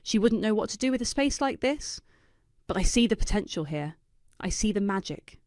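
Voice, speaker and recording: A woman voicing a gushing, self-satisfied young female influencer who talks in sugary, showy speeches, her voice smooth and dry. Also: medium pitch, lively intonation, normal speed, darkish tone, no echo, natural voice.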